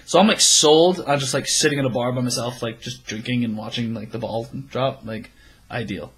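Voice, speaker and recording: A young man co-hosting a casual chat show, his voice sitting at an ordinary middle pitch. He tells a long story and swears freely. He acts out his friends' lines as he goes. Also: fairly quick, fairly bright tone, husky. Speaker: podcast co-host.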